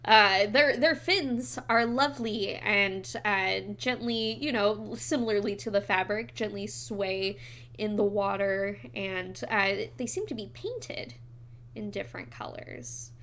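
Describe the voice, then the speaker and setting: A woman's voice: medium pitch, unhurried, a bit bright. A woman narrating as game master of a tabletop game, meandering with fillers and self-corrections.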